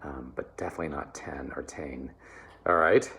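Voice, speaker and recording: A man teaching German pronunciation to singers, relaxed and encouraging, often checking in with "all right?" and slowly modeling words. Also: sits low. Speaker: choir diction coach. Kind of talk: German diction lesson for singers.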